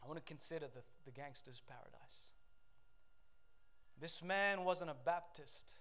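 A man preaching a sermon in a fairly high voice. He builds to loud, ringing declarations, then drops almost to a hush when telling a personal story or praying. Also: measured pace. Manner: swings from loud preaching to hushed, quiet telling. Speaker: pastor.

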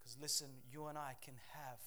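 A man preaching a sermon, rising to loud, forceful declarations and dropping to quiet, hushed storytelling. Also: mid-range voice, steady tone, moderate pace. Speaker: pastor.

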